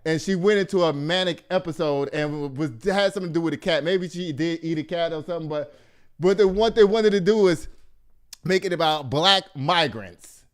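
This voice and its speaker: A man from Texas, hosting a casual commentary show in an animated, profane and mocking way. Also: fairly high pitch, moderate pace. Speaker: host.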